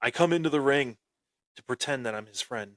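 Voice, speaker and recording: A man hosting a wrestling podcast and telling a story with boastful heel bravado. He breaks into sudden loud bursts and often repeats and restarts his phrases. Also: medium pitch, a little fast, dry recording. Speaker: podcast host.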